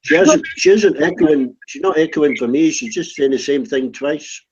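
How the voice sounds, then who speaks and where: Husky guy swearing and chatting on a dull lo-fi call. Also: on the high side, normal speed, darkish tone. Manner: blunt, swears freely, laughs often. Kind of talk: casual group voice chat.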